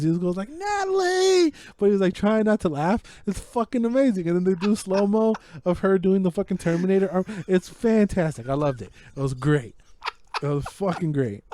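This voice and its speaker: A man co-hosting a podcast, telling a story in casual, profanity-heavy chat that keeps building in excitement. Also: high-pitched. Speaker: podcast co-host. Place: home podcast setup.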